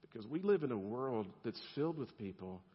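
A male pastor preaching a sermon in a relaxed, conversational way, with humor and softer, gentle passages. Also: mid-range voice, a little fast, husky. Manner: conversational and humorous, dropping to soft gentle tones. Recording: lo-fi sound with long hall reverb.

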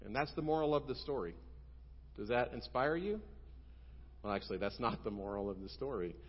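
A male pastor preaching a sermon, telling stories emphatically and moving between loud and quiet. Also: mid-range voice, animated, a little fast, breathy edge. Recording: dull sound with long hall reverb.

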